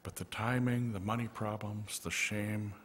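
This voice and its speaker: Brief: male pastor, slightly low voice, gentle storyteller in a church sanctuary. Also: steady tone, a little slow, slight background noise. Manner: gentle storytelling with soft asides. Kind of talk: storytelling sermon.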